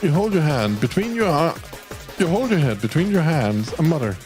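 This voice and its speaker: A man's voice: fairly high pitch, big pitch swings, moderate pace, darkish tone, faint music behind. A man from Denmark streaming a game, reading its text aloud and commenting casually, swearing freely.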